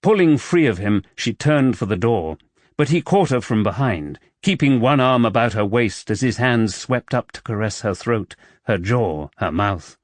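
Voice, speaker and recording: A man narrating a romance novel as an audiobook in expressive, measured storytelling, close to a studio microphone. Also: fairly low pitch, no echo.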